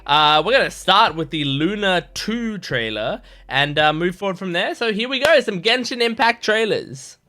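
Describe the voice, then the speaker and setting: A man's voice: high voice, animated, normal speed, few pauses, pushed and bright. A man hosting a reaction video in casual chat, rambling and chatty with frequent restarts.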